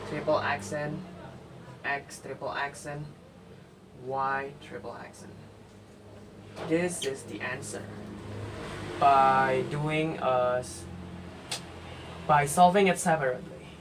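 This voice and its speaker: Slow, halting man. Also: on the high side. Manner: slow, halting, step-by-step with fillers and self-corrections. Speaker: student explaining math. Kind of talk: math lesson explanation. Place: indoor room. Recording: distant mic with air-conditioner hum.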